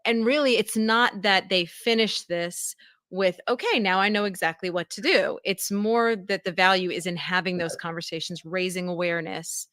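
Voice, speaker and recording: A woman with a somewhat low voice leads an interview, summarizing what the training involves. She speaks in an explanatory way, with soft fillers between her thoughts. The sound is close and dry, with no room echo. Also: normal speed. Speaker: interviewer in an archived video. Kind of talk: interview talk.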